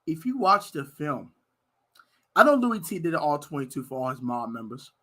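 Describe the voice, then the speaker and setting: An American man hosting a fan live stream, ranting loudly about his team's players and shouting at times. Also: on the high side, moderate pace. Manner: loud, animated ranting, shouting and laughing. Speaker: sports fan show host. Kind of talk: heated live-stream rant.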